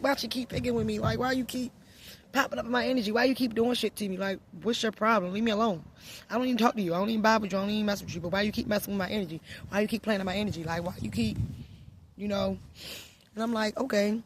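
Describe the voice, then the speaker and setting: A woman's voice: a little high, steady tone, quick pace, slight background noise. A young adult woman vlogging about spiritual healing, candid and slangy, repeating phrases as she thinks aloud. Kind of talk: reflective personal storytelling.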